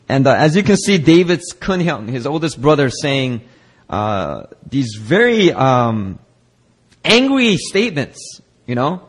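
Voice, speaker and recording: A man preaching a sermon at a church service, reading scripture aloud and acting out nagging voices. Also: a little high. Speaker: pastor.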